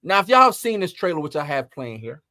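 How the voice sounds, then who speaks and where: A man hosting an entertainment news commentary, talking in an animated, emphatic way and piling up rhetorical questions. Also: fairly high pitch, fast, dry recording. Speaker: host.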